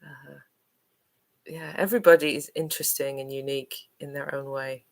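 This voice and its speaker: Low-voiced English teacher from Manchester. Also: female voice, fairly even intonation, normal speed, gravelly. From Manchester, England. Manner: chatty, hesitant, lots of ums and uhs. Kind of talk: livestream Q&A.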